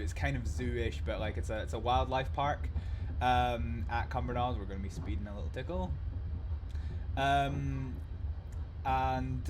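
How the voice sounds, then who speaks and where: A man's voice: mid-range voice, noisy background. Sweary Scottish man rambling over gameplay. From Scotland. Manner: rambling, sweary, laughs often, many fillers. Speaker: livestream host playing a train simulator. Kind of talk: casual gaming commentary with anecdotes.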